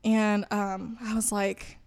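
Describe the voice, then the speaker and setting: A woman's voice: medium pitch, level tone, takes it slowly, darkish tone, clear, resonant tone. A woman guest in an interview, telling a personal story in a conversational way and acting out her own past thoughts in quoted lines, recorded in a church.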